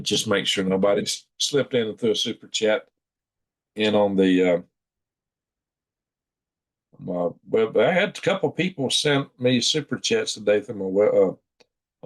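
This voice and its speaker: A man's voice: lowish voice, measured pace, long pauses. A sleepy man, hosting a casual late-night livestream, chuckling and reading chat aloud in a folksy drawl. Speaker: livestream host.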